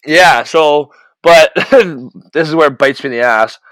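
A young man telling an animated, profane story about his hockey days in casual chat. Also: a little high, measured pace, dry recording. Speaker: podcast host, former hockey goalie.

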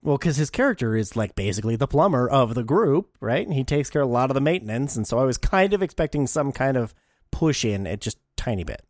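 A man's voice: medium pitch, very animated, quick pace, darkish tone, no room sound, studio quality. A man co-hosting a podcast in casual chat, asking his co-host questions and eagerly pointing out references. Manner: asks questions, chatty, eager about references.

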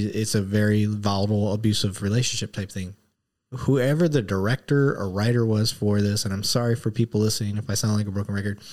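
A man's voice: lowish voice, a little mellow. Candid rambling male podcast host. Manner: candid, rambling, emotional at times. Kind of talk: casual podcast conversation.

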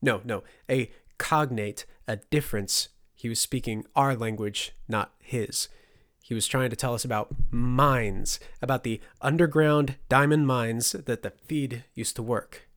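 A scoffing, defensive translator from a fantasy audiobook, played by a male narrator, clipped and cutting. The voice stays gravelly and close, with a dry, roomless sound. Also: mid-range voice, a little slow, a bit bright, dry recording. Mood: scornful.

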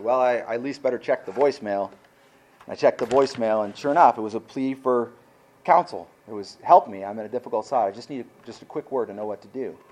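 A man's voice: on the high side, poor audio. A middle-aged male pastor preaching a sermon, telling a personal story and acting out his own side of the conversation. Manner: animated storytelling preacher, acts out his own inner dialogue.

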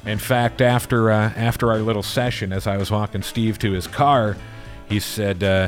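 Brief: male podcast host, lowish voice, earnest and heartfelt, faint music underneath. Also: fairly even intonation, moderate pace. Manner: earnest, affectionate, rambling with fillers. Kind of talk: casual chat.

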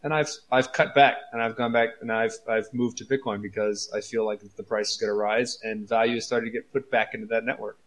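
Mid-voiced male co-host, musing, halting casual delivery. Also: medium pitch, fairly even intonation, fairly bright tone. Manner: thinking aloud, repeats words. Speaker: podcast co-host. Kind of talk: casual chat.

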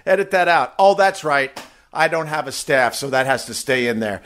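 A man's voice: medium pitch, expressive, moderate pace, a bit bright. A man hosting a podcast, reading a sponsor ad in a loose, joking, self-deprecating way. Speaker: podcast host. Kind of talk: casual ad read.

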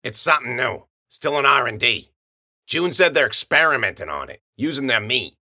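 A man doing a gruff, dismissive fixer. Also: mid-range voice, sing-song, normal speed, bright, forceful tone, no echo, clean studio sound, exaggerated voice. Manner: blunt, dismissive. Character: grumpy, gruff male fixer, blunt and dismissive.

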